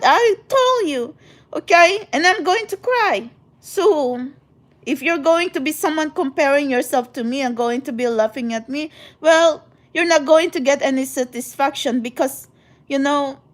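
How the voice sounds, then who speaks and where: A woman talking straight to her followers in a casual vlog monologue, rambling and emphatic, often tagging her points with a questioning "okay?". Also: high-pitched. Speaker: spiritual vlogger addressing her followers.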